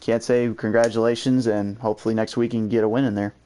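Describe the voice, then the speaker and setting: Excitable man commentating a race. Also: fairly low pitch, fast talker, a little hiss or hum. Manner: excitable, laughs often, exclaims. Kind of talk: excited sim racing league commentary.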